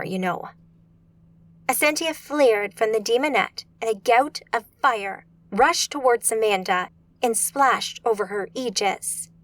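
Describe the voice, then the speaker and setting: A woman with a fairly high voice narrates a fantasy audiobook, keeping her storytelling steady and measured.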